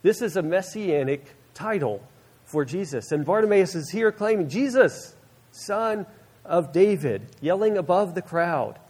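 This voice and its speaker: Husky-voiced man preaching in a reverberant hall. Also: high-pitched, animated, normal speed, a little mellow. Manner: earnest storytelling, acts out the Bible scene. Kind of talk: sermon. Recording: long reverb of a large hall.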